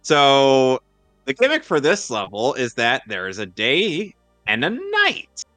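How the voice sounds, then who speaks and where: A man's voice: medium pitch, huge pitch swings, bright, forceful tone, no room sound, faint music behind. A man hosting a live game stream, chatting casually and rambling with jokes and restarts. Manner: rambling, joking, halting restarts. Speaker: streamer host. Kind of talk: casual gameplay commentary.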